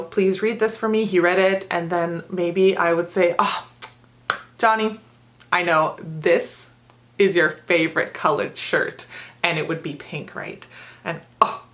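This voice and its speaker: A woman ESL teacher sharing tips in a lively storytelling way, acting out her students and herself. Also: lowish voice.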